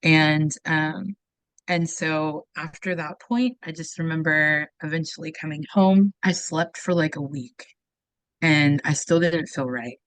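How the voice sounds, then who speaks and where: A woman in her thirties tells her personal testimony in a lowish voice. She is earnest, leans on "like," and acts out the voices she quotes. The sound is close and dry, with no room around it. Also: measured pace, no room sound, poor audio. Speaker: guest sharing her testimony.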